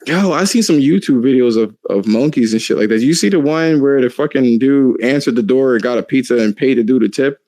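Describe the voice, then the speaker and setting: Profane, animated man on a podcast. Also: mid-range voice, a little fast, few pauses, dry recording. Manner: profane, animated storytelling, laughs often. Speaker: podcast co-host. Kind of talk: casual chat.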